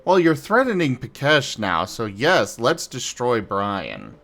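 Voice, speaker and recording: A man's voice: mid-range voice, wildly swooping pitch, takes it slowly, creaky, a bit bright, soft background music. A man hosting a casual gaming stream, bantering playfully and teasing his friends. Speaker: streamer host.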